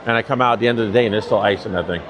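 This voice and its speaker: A man with a New York accent and a fairly low voice talks very fast on a relaxed live stream, chuckling and drifting between topics. He films on a handheld phone from a mobility scooter in a busy theme park, amid a noisy crowd and loud music.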